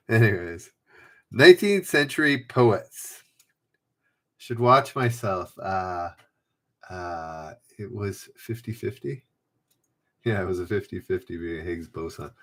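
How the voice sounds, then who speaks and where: Man, low voice, trivia livestream host, rambling, self-correcting, reads chat names, at home. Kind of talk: casual livestream chat, reading quiz clues. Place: home room.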